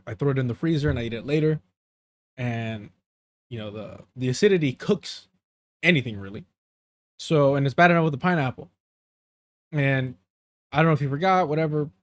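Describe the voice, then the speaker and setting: A man from the US–Mexico border region, live streaming as host and telling a long, rambling story to his chat, dropping Spanish phrases in and often losing his words. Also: medium pitch. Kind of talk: casual rambling chat with viewers.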